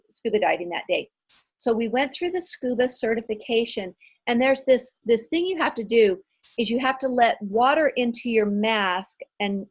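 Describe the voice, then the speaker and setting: Animated middle-aged woman telling stories. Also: a little high. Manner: animated and self-deprecating, with dramatic retellings. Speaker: guest author. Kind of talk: casual storytelling interview.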